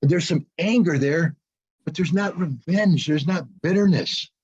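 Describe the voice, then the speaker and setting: Middle-aged American male commentator, husky, emphatic monologue, dull lo-fi sound. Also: fairly high pitch, a little slow, darkish tone. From United States. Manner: emphatic, rhetorical questions and repetition. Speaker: geopolitical commentator. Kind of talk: impassioned monologue.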